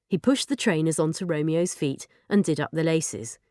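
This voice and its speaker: A woman narrating a children's audiobook in a lively storytelling manner. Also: sits low, normal speed, hardly any pauses, no echo, studio quality.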